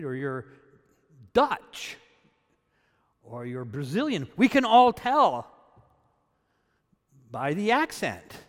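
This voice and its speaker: A man from Canada preaching a sermon. He swings between loud, emphatic peaks and quiet asides. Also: medium pitch, in a large hall. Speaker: pastor.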